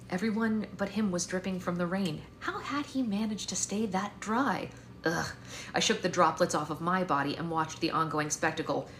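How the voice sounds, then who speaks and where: A woman author reading her own novel aloud in a live stream at home, with wry, expressive first-person narration on a phone mic. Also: low-pitched, brisk, a little hiss or hum.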